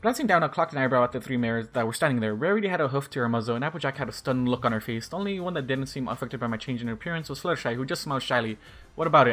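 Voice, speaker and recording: Male hobby reader, fan fiction chapter, plain steady narration, mid-range pitch. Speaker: audiobook reader. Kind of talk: reading fan fiction aloud.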